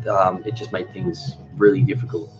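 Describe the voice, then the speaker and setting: A middle-aged man hosting a casual livestream chat, rambling and reading viewer comments aloud. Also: sits low. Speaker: cooking channel host. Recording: dull lo-fi sound with music behind.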